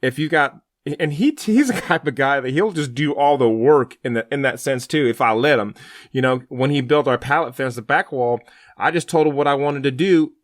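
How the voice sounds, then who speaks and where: A man's voice: mid-range voice, fairly quick, no echo, studio quality. A man co-hosting a faith radio show, telling a story in an earnest, rambling, chatty way. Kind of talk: casual faith broadcast storytelling.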